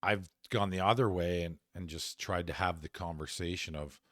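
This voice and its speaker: A man in his fifties co-hosting a podcast, telling a personal story in casual chat, animated and laughing as he goes, with the odd swear. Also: low voice, normal speed, dry recording, clean studio sound. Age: 50s. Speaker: podcast co-host.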